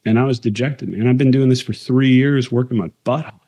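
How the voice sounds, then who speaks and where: A man's voice: medium pitch, steady tone, a little fast, warm tone. A man, a military aviator and author, telling candid stories from his career in a casual interview. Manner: candid, conversational, retells quotes with emphasis.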